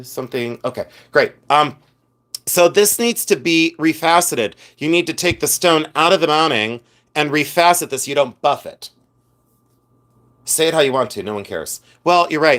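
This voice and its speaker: A man's voice: medium pitch, fairly bright tone. Chatty middle-aged man from Ohio. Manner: chatty storyteller, laughs often, reads viewer comments aloud. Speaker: livestream host and reseller. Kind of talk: casual live-stream chat.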